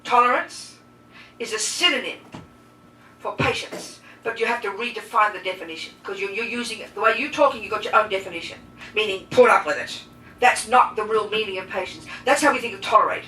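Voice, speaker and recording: A woman teaching a talk to a group, lively and emphatic, asking and answering her listeners' questions. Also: medium pitch, brisk. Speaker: Buddhist teacher. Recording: echoey room, mic at a distance, faint noise.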